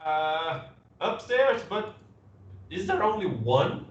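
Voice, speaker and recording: A man playing a tabletop game, talking slowly and unsure of himself as he thinks aloud. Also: sits high, very animated. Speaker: player. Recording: distant, echoey, muffled mic with faint noise.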